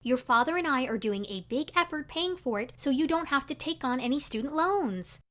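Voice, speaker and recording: Shrill scolding mother, exasperated, high raised voice, animated story, put on by a woman narrator. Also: normal speed. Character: stern scolding mother, middle-aged woman.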